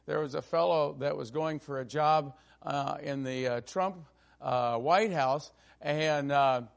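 A male pastor preaches with a raised, somewhat high voice and a gravelly edge. He leans hard on key words, slowing them down for emphasis, then drifts into loose asides full of fillers. The delivery stays conversational yet emphatic. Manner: emphatic preaching with slow stressed phrases and frequent fillers. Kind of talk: sermon.

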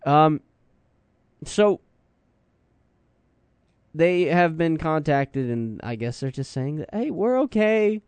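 A man hosting a talk radio show, reading headlines with energetic asides. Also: fairly high pitch, takes it slowly, long pauses, smooth, no room sound.

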